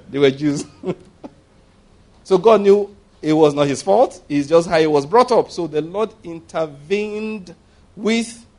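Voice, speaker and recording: A man preaching a sermon in a humorous, conversational way. He chuckles at his own jokes and jumps up in pitch to stress a point. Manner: animated, jumping up in pitch for emphasis.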